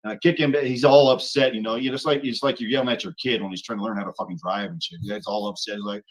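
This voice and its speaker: A low-pitched man sitting in as a guest and telling old stories with plenty of profanity. He gets animated when he tells them. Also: fast, hardly any pauses, rough recording. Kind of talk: casual storytelling.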